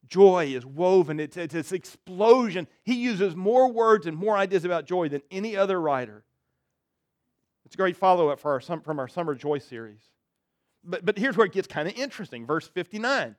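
A man's voice: high voice, animated, normal speed, no room sound, clean studio sound. A male pastor giving a conversational sermon, often acting out quotes and repeating words.

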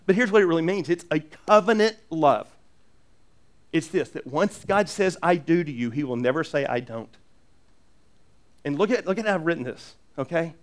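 High-voiced earnest male pastor preaching. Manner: animated, earnest, jokey asides, frequent repeated restarts. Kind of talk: sermon.

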